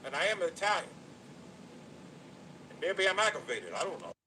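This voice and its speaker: A man's voice: high-pitched, sing-song, moderate pace, sharp tone. Blunt, cursing man on a noisy stream. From New Jersey. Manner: blunt, profane, repetitive. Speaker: YouTuber. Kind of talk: livestream rant to viewers.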